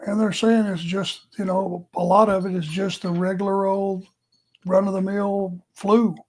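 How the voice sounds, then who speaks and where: Older man, southern accent, co-host, unhurried, plainspoken, easygoing. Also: sits high, flat delivery. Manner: laid-back, plainspoken, unhurried. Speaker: retired wrestler, co-host. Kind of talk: casual podcast chat.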